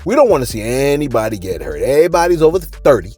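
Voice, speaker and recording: A man hosting a celebrity gossip channel, talking casually to viewers with animated rhetorical asides and repeated words. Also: medium pitch, fast talker, slightly rough. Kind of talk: casual gossip commentary to camera.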